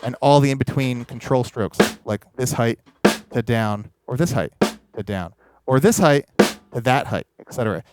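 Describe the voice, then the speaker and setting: A man teaching drum technique in a casual, explanatory way, pausing to demonstrate strokes as he talks. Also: mid-range voice, loud music behind the voice. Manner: explanatory, demonstrating while talking. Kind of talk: instructional video. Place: recording studio with drum kit. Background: drum playing.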